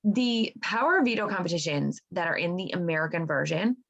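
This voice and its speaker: A woman co-hosting a casual podcast chat, animated and cursing often, full of "like" and restarts, on dull lo-fi audio. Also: fairly low pitch, fairly quick, gravelly. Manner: animated, swears often, lots of "like". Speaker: podcast co-host.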